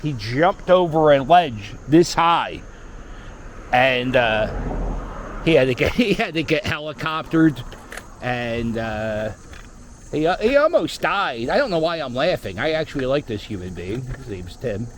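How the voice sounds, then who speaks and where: A very animated man with a mid-range voice talks at a measured pace while riding a scooter through a park. His casual running commentary wanders, wry and peppered with stories, and a slight background noise is audible.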